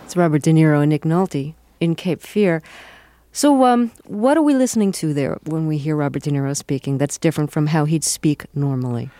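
A woman hosting a radio interview, asking questions calmly. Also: sits low, a little fast. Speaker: interview host.

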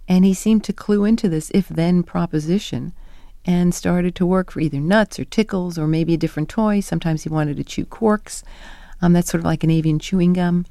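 A middle-aged woman talks through her research in a conversational interview. Her voice is low and gravelly with a mellow, dark tone. She brings stories to life by acting out the voices she quotes. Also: moderate pace, dry recording, clean studio sound. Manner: animated storyteller who acts out quoted lines.

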